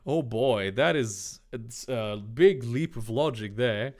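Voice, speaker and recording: A man's voice: mid-range voice, slow pace, a little mellow. A man reading a fan fiction aloud in a comedic read-through, with sarcastic, mocking asides and frequent stumbles.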